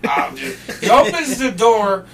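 A man from Portland, Oregon, telling a story as a podcast guest in an animated, profane way. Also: high voice, a little slow, far from the mic, a little hiss or hum, low-quality recording. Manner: animated and profane, acting out quotes. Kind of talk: casual storytelling.

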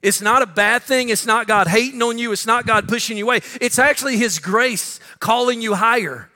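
High, bright-voiced man preaching a sermon. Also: fairly quick, big-room sound. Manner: conversational, repeats "listen", acts out quotes. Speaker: pastor. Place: church sanctuary.

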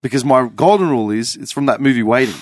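A man hosts a casual talk, his voice moving a lot in pitch as he asks pointed questions. The recording is dry and close. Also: expressive, fast talker, no echo. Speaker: podcast host. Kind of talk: casual podcast chat.

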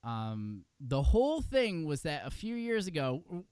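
A man's voice: fairly high pitch, sing-song, a little slow, darkish tone, clean tone, no room sound. A man co-hosting a podcast in casual chat, talking in a rambling way with many fillers and laughs. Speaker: podcast co-host.

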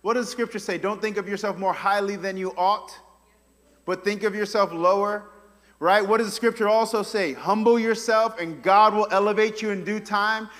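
Guy preaching like he's chatting, kinda high voice, goes loud then real quiet, long echo. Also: steady tone, normal speed. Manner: conversational, swings from loud to hushed. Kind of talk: sermon.

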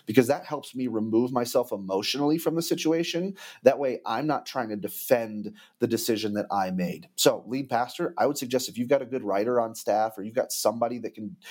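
A man's voice: medium pitch, darkish tone, slightly rough. A man talking casually as a podcast guest, earnestly explaining and giving practical advice on church communications.

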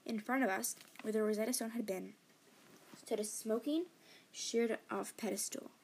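A woman narrating a fantasy novel as a fan audiobook. Her reading is expressive and breathy, with a husky texture. She slips into whispers for tense moments. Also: fairly high pitch, normal speed. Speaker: audiobook reader.

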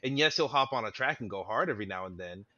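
A man's voice: fairly low pitch, lively intonation, quick pace, pushed and bright, lo-fi sound, a little hiss or hum. A man in casual chat, joking and opinionated, laughing a lot.

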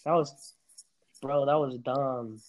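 A man's voice: medium pitch, steady tone, slow, poor audio. Rambling young man on a podcast. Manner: rambling, restarts and laughs often. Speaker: podcast host. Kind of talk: casual chat.

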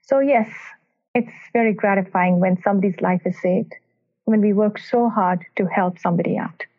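Over a tinny phone line, a cardiologist guest on a podcast talks earnestly and emphatically about her work as a cardiac electrophysiologist, sharing patient stories. She speaks at medium pitch and a moderate pace.

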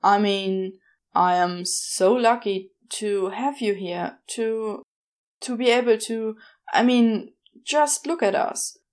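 A woman voicing a gentle, fond male angel in a podfic reading. He speaks in a soft, earnest, tender way. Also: mid-range voice, slow pace, lightly acted.

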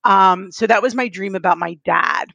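A woman's voice: medium pitch, moderate pace, vocal fry, sharp tone, lo-fi sound. A woman co-hosting a podcast in casual chat, telling stories candidly and rambling, with laughs and moments where she is close to tears. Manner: emotional, close to tears when recounting. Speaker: podcast co-host.

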